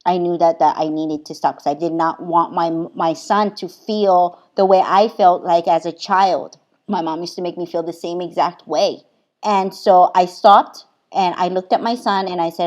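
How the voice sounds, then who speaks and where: A middle-aged woman from Hawaii speaks as a podcast guest, telling stories about her own life in a relaxed, earnest way. Her voice sits somewhat low, and she breaks into laughter often between loose, run-on phrases. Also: normal speed, muffled recording. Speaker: spiritual healer guest. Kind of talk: casual conversational storytelling.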